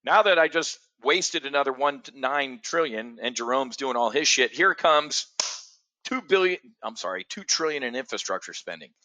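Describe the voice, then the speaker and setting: A middle-aged man with a bright, forceful voice hosts a live market show. He talks bluntly and emphatically, swears freely, and answers viewers by name. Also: medium pitch, animated, normal speed. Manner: addresses viewers directly by name. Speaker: trading show host.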